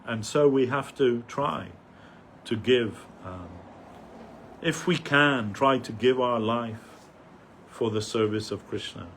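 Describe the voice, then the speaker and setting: A man giving an earnest devotional sermon at a festival, pausing often with "uh" as he searches for words. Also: mid-range voice, fairly bright tone, a little hiss or hum. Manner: earnest, halting, many "uh" pauses.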